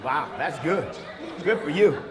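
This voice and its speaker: Brash high-voiced man on a comedy stage. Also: lively intonation, unhurried. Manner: brash, loud, punchy, chatting with the audience. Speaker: stand-up comedian. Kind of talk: stand-up comedy set with crowd work. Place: comedy club stage with a live audience. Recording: live club recording with crowd laughter and noise. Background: audience laughter and room noise.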